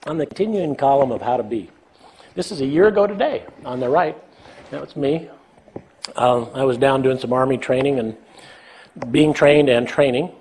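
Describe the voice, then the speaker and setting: A man's voice: medium pitch, normal speed, pauses often, a little mellow, a little hiss or hum. Older man, lecture speaker, storytelling, self-deprecating humor, acts out dialogue. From United States. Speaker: leadership talk speaker. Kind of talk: conversational lecture with anecdotes.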